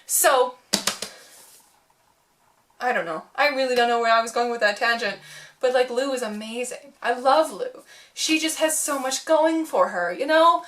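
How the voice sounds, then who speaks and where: A woman's voice: a little high, a little slow, long pauses, a bit bright, recorded from a distance. A young woman book vlogger chatting casually, gushing and giggly, with lots of "like" fillers. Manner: gushing and giggly, heavy use of "like". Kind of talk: casual chat.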